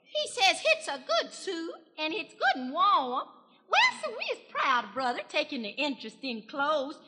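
A woman playing a chatty, excitable young country gossip gal with a rural Southern US accent, rambling through a folksy 1940s radio comedy monologue in a hollering twang with giggles. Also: high-pitched, normal speed, very noisy. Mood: gossipy. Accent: Southern US, rural Tennessee. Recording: 1940s radio broadcast, long hall reverb.

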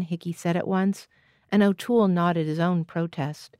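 A woman reading literary fiction aloud as a guest reader, in an even, measured way. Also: fairly low pitch, smooth, no room sound, clean studio sound.

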